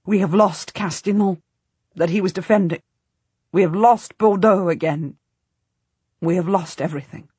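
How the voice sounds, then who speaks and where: A woman narrator voicing a grief-stricken nobleman in an audiobook, low and grave. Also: moderate pace, pauses often, darkish tone, slightly rough, no room sound.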